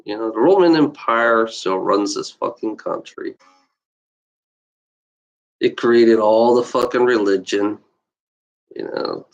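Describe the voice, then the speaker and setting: Through muffled audio, a man with a fairly low voice speaks slowly, leaving long pauses. He's a video blogger ranting unscripted on a livestream, heated and profane, looping back over his points and tacking "you know" onto his lines constantly.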